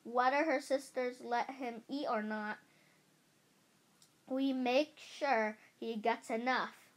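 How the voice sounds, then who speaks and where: Gentle reassuring lady vet, read by a woman, slow and kinda high. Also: steady tone. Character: kind woman veterinarian.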